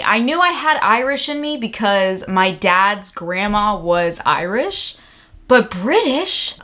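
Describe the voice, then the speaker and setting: A young woman from the United States talking candidly to camera in a casual vlog, excitable and swearing freely. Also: medium pitch. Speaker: vlogger.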